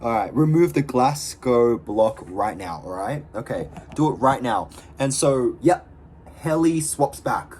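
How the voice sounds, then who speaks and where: A man vlogging in a casual, excitable way, slangy and profane, with lots of fillers. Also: medium pitch, unhurried, a little hiss or hum. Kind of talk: casual talk to camera.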